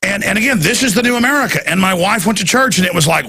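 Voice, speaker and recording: A man hosting talk radio, commenting loudly and mockingly on a played video clip. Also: sits high, lively intonation, fast talker, husky. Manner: mocking, loud, jumps into put-on voices. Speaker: radio host.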